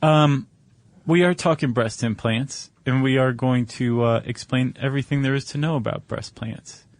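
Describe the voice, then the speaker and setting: A man's voice: medium pitch, normal speed, no echo. A man co-hosting a podcast in casual chat, with a jokey, rambling manner, recorded dry in a studio. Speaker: podcast co-host.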